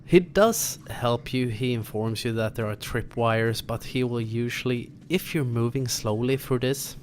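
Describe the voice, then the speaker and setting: A young man hosting a gaming channel, talking through a walkthrough in a relaxed, chatty way with chuckling asides. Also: medium pitch, normal speed, slight background noise. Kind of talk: casual gameplay commentary.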